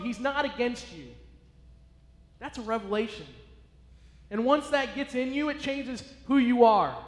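Male pastor, high-pitched, emphatic, repetitive, long hall reverb. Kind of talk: sermon. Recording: echoey hall.

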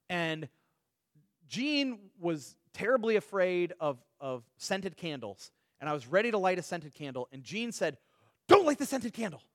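A man with a high-sitting voice leads a Bible study in a conversational style, posing rhetorical questions and drawing on everyday examples. He restarts quickly and often, repeating words as he goes. The recording is studio quality with no room sound.

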